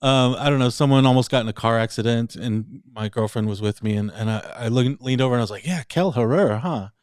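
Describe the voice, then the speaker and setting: A man's voice: medium pitch, fairly even intonation, fast talker, clean tone, no room sound, clean studio sound. A man in casual chat, telling a story in a rambling way, often laughing and slipping into other voices. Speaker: podcast co-host.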